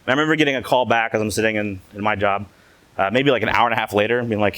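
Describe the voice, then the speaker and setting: A man's voice: on the low side, very fast, fairly bright tone. A man giving a conference talk in a casual, joking way, telling stories with animation. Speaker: conference speaker.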